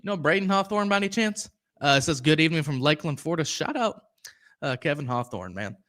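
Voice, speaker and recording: Bright-voiced young man rambling about sports. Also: a little high, animated, fast talker. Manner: rambling, reads viewer comments aloud, goes off on tangents. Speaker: sports podcast host. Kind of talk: casual live-stream commentary.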